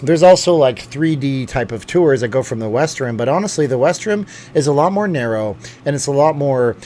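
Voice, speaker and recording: A man's voice: mid-range voice, expressive, fairly quick, dark tone, a little hiss or hum. Chatty man hosting a live stream. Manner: chatty and rambling, with many fillers and self-corrections. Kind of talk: casual live chat, reading viewer comments.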